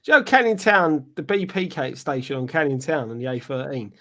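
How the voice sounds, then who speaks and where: A man's voice: fairly high pitch, very animated, a little fast, fairly bright tone. Casting: man, raised voice, blunt banter on a fan panel. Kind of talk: casual chat.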